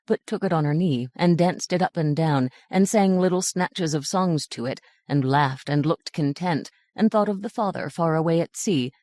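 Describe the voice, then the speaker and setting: A woman reads a fairy tale aloud in a measured, gentle manner. Her voice sits low and is heard close and dry. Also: no echo. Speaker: audiobook narrator. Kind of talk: scripted storybook narration.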